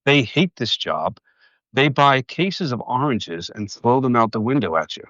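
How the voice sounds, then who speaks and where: A man with a New York City accent, a podcast guest telling lively stories in casual chat. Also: medium pitch, a little slow, no room sound, dull audio. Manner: lively anecdotal storyteller. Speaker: podcast guest, industry board chair.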